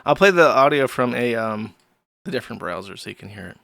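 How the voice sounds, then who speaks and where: A man's voice: mid-range voice, lively intonation, a little fast, vocal fry, fairly bright tone. A man hosting a casual commentary stream, crude and sarcastic, rambling between asides. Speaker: streamer host.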